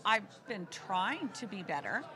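A woman guest in a casual chat, bubbly, excitable and giggly. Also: mid-range voice, a little slow. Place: busy convention venue. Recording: loud crowd noise behind.

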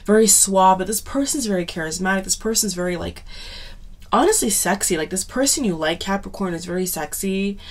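A woman giving a casual tarot reading to camera, chatty and subdued, often checking in with "okay?" and "you know". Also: mid-range voice. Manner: chatty, repeats "okay?" and "you know" often, drags some words slowly; subdued, sighing tone. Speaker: tarot reader.

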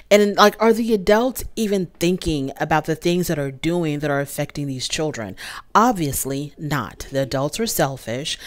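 A woman with a slightly low voice talks through a reality show episode in a casual recap. She sounds fed up, scolding the people on screen as if they could hear her. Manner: exasperated, scolding the cast directly. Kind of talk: casual review commentary.

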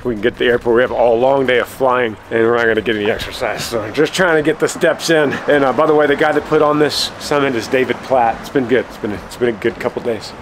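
A man's voice: mid-range voice, fast, hardly any pauses, noisy background. Rambling man vlogging, a bit winded. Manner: rambling, restarts sentences. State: slightly out of breath. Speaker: vlog host and preacher. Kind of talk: casual vlog chat.

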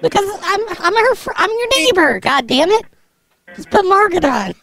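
Carol, a prank caller playing a high foul-mouthed neighbor. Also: animated, normal speed, soft background music. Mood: irritated. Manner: rude, bossy, swears a lot.

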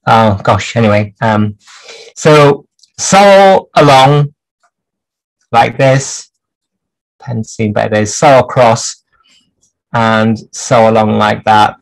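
On a low-quality livestream recording, a man teaches clock repair at his bench, his mid-range voice slow and creaky with long pauses. He rambles and thinks aloud as he works through this live workshop demonstration.

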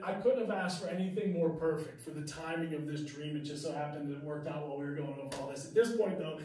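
A man's voice: a little high, a little mellow, recorded from a distance. A male teacher giving a casual classroom lecture, conversational with fillers and restarts. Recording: very echoey room, mic from afar.

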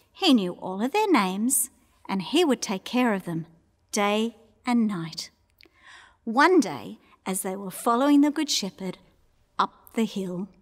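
A woman telling a Bible story to children, animated and acting out sounds and voices as she goes. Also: mid-range voice, big-room sound.

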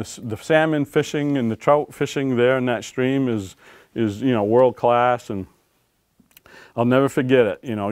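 A man, an author and former game warden, telling stories to a library audience in a folksy, animated way, acting out quotes and laughing along. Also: mid-range voice, no room sound, studio quality. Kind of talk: storytelling talk to an audience. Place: library talk room.

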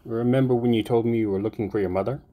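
A man's voice: mid-range voice, steady tone, fast, mellow, voice pushed up, lightly acted. Brief: cocky young male fighter, flippant quips, narrator's put-on voice. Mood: casual. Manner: flippant wisecracks.

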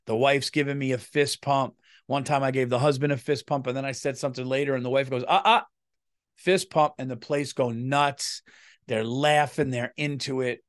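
Profane, rambling male comedian. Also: medium pitch. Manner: profane, rambling, restarts sentences. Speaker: comedian and podcast host. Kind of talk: casual storytelling monologue.

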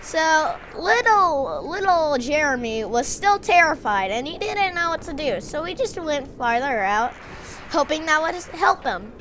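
A woman narrating a gameplay story with excitement, acting out her characters. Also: high voice, unhurried, a little hiss or hum. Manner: excited storytelling, doing dramatic voices for the characters. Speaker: game narrator.

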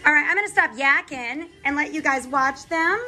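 A high-voiced woman breeder talks casually while handling puppies indoors. She trips over her words and coos at the pups in baby talk. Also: moderate pace, pushed and bright, faint music behind, rough recording. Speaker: dog breeder. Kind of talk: casual vlog chat. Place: indoor puppy pen.

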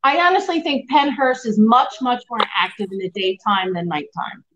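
A woman co-hosting a casual podcast chat, chiming in with lively questions. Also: a little high, moderate pace, muffled recording, background noise.

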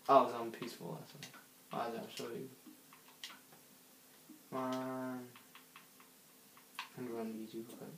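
A man's voice: mid-range voice, takes it slowly, gravelly, pauses often. A man giving casual gameplay commentary, rambling and giggly, talking to himself while he plays. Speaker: gaming channel host. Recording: roomy echo.

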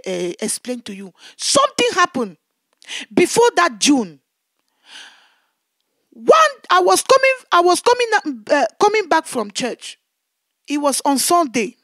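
Woman evangelist, very high voice, emotional testimony, repeats words, dry close sound. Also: no room sound. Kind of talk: testimony preaching.

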